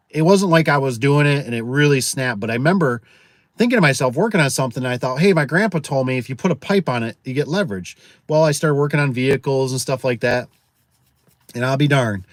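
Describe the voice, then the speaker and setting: Rambling man chatting live. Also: medium pitch. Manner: rambling, with many restarts, reads viewer comments aloud. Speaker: garage door business owner, channel host. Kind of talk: casual livestream chat.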